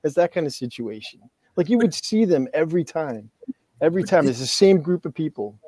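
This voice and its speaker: A man's voice: on the high side, animated, fairly quick, darkish tone. A man, a podcast co-host, ranting in casual chat and swearing now and then.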